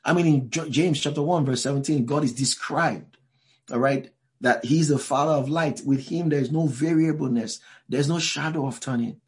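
A man's voice: on the high side, normal speed. A man preaching a sermon to a live congregation in a church. He talks in a loose, conversational way, drops in many asides and asks the listeners questions directly. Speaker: pastor.

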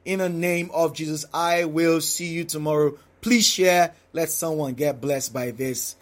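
Emphatic higher-voiced male preacher. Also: steady tone, a little slow, few pauses. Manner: emphatic, repeating key words, asking the listener questions. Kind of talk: daily devotional sermon.

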